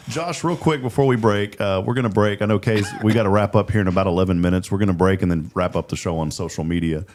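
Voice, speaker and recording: A man's voice: fairly low pitch, brisk, a little mellow, a little hiss or hum. Earnest man hosting a talk show. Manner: earnest, chatty, repeats words when starting sentences. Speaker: host. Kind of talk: casual talk show chat.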